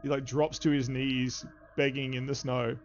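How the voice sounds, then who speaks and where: Guy running a tabletop game, lots of ums, kinda muffled audio with quiet music. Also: medium pitch, little pitch movement. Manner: halting, lots of fillers. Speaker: game master.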